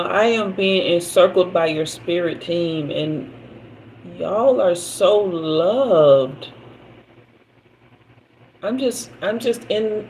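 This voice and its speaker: Woman, spiritual reader, slow, emotional, soothing, faint background noise. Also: mid-range voice, darkish tone, poor audio. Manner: emotional, slow and soothing, talks to viewers directly. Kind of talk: live psychic reading.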